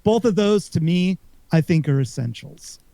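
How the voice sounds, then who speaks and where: A man's voice: fairly high pitch, expressive, moderate pace, gravelly, mellow, no echo. A man co-hosting a podcast, chatting casually and rambling about a video game with lots of fillers and restarts. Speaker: podcast co-host. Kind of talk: casual gaming chat.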